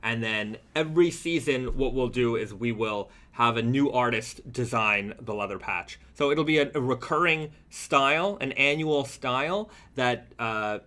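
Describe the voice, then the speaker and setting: Bright-voiced man hosting a casual live stream. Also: mid-range voice, unhurried, few pauses. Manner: relaxed, reads viewer comments aloud with many fillers. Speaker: host of a brand's weekly live stream.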